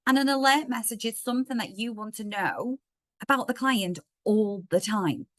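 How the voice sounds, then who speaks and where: Slightly croaky woman on a video call. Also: fairly high pitch, moderate pace, fairly bright tone, no echo. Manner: chatty, explaining step by step. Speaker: software trainer. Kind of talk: live online workshop demo.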